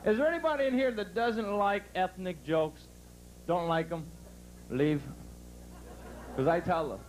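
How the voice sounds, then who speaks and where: A brash male comedian working a live crowd from a resort club stage. His voice sits fairly high, with punchy delivery. A faint hum lies under the stage microphone. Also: unhurried, poor audio. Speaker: stand-up comedian.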